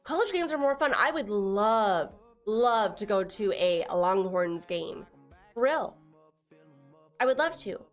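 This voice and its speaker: A woman's voice: medium pitch, animated, takes it slowly, faint music behind. A young woman from Texas chatting casually on a live stream, laughing often and teasing her viewers as she reads their messages. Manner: giggly, teasing, reads chat aloud.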